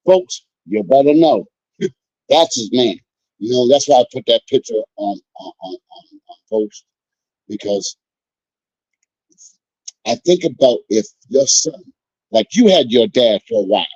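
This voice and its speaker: A man's voice: medium pitch, unhurried, pauses often, breathy edge, dry recording. A man hosting a casual sports talk show, talking to his guest and turning to the listeners with "folks" and "y'all.". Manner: animated, addresses listeners as folks. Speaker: podcast host. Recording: dull lo-fi sound.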